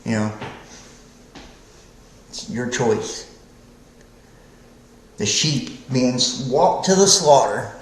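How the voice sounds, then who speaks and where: Male podcast host, slow, preachy, profane rambler, roomy echo on the mic. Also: mid-range voice, expressive, slight background noise. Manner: rambling, profane, keeps asking "right?". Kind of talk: preachy livestream monologue.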